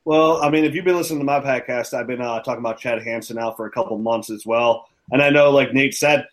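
A man's voice: mid-range voice, fast. Joking male podcast guest. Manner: self-deprecating, joking. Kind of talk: casual podcast chat.

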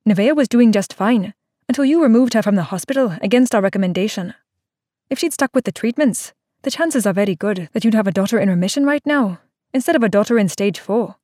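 A woman voicing a calm, firm female doctor in an audiobook, speaking in measured, even tones. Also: medium pitch, no room sound, studio quality, close to an everyday voice. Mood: sharp. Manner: measured, even, growing sharp and insistent. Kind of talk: audiobook character voice.

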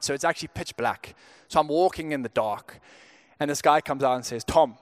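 In a conversational sermon, a young Zimbabwean pastor shares a personal story, repeatedly restarting his words. His mid-range voice moves fairly quickly with hardly any pauses.

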